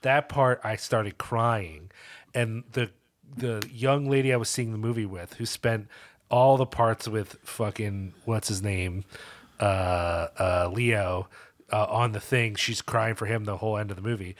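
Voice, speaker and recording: A man hosting a film podcast, telling stories in a casual, animated way with swearing and laughter. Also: fairly low pitch, measured pace, dry recording. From Pennsylvania, US. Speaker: podcast host.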